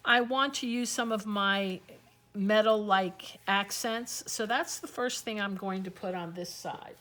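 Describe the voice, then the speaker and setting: A woman's voice: medium pitch, a bit bright, a little hiss or hum. A woman hosting a casual crafting tutorial, chatting and thinking aloud as she talks through each step.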